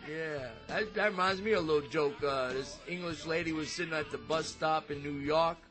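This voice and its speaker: A man's voice: a little high, fairly quick, a bit bright, faint music behind. A man hosting a casual show, chatting and joking with a guest on the phone, rambling with many restarts. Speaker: show host. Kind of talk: casual chat.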